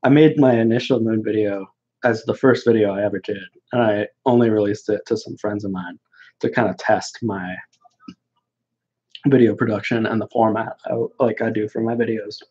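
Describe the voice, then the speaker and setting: A young man talking bluntly and mockingly in casual chat as a podcast guest, halting with many restarts, on a dull lo-fi recording. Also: fairly low pitch, fairly even intonation, mellow, slightly rough. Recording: dull lo-fi sound.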